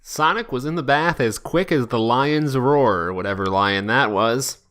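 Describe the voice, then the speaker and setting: A man's voice: medium pitch, moderate pace, fairly bright tone. A man hosting a podcast, doing a wry comic reading of fan fiction aloud. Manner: wry, breaks into laughter.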